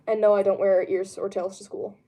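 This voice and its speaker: A woman's voice: medium pitch, flat delivery, a little fast, mellow. A young woman chatting casually on a home stream, answering chat in a rambling way with lots of fillers. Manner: rambling, lots of ums, laughs easily. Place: home room.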